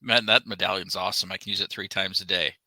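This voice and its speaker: A man's voice: low voice, fairly even intonation, quick pace, pushed and bright, dry recording. A man playing a tabletop game, easygoing and joking. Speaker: player.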